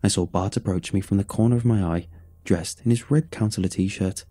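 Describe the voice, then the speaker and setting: A man reading a first-person story aloud and voicing its dialogue in a plain, low-key way. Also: a little fast, mellow, slightly rough, dry recording. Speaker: narrator.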